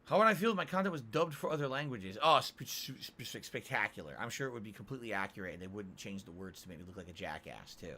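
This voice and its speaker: A man's voice: lowish voice, animated, racing, few pauses, pushed and bright, slight background noise. A man hosting a livestream in casual chat, answering viewer questions with a sarcastic, self-mocking manner and a lot of restarts. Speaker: livestream host. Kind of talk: casual live-stream chat, reading chat questions.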